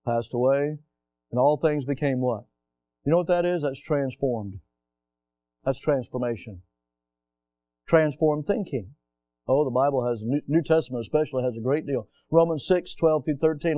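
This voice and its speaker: A man preaching a sermon, reading scripture aloud and asking his congregation questions, swinging between quiet asides and loud emphatic rises. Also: mid-range voice, moderate pace, pauses often, dry recording. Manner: reads scripture aloud in old-fashioned wording. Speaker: pastor.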